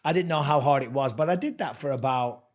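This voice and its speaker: A man's voice: mid-range voice, fast. A middle-aged English man, a guest and fight commentator, chatting casually and swearing as he tells stories. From England. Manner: chatty storyteller, swears freely, laughs at own stories. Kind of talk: casual podcast chat.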